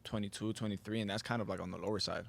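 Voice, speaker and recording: A man in his twenties, a team captain being interviewed, easygoing and modest with relaxed fillers. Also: on the low side, racing, creaky, no room sound. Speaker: guest, soccer team captain. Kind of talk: casual interview.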